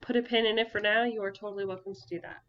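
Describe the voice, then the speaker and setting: A woman's voice: mid-range voice, fairly even intonation, racing. Woman game master on lo-fi audio. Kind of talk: narrating a tabletop game.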